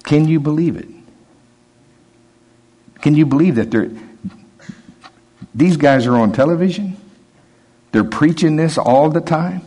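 A male preacher giving a sermon, talking in a conversational, emphatic way and dropping his voice low when he quotes. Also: a little slow, pauses often, warm tone.

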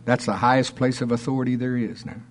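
A man preaching a fervent sermon, reading scripture aloud and slowing down to stress key words. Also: mid-range voice, fairly even intonation.

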